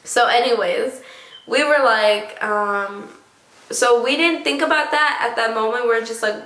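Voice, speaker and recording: A young woman vlogger telling a story casually and excitably, full of "like" and "oh my gosh". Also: fairly high pitch, a little slow. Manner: excitable, many fillers like "like" and "oh my gosh". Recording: echoey room.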